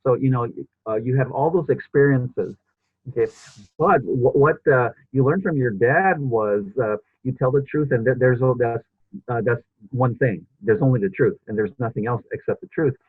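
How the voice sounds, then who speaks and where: A man's voice: medium pitch, moderate pace, no room sound. A male podcast host in casual interview chat, rambling with many restarts and fillers. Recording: husky voice over a tinny phone-like line.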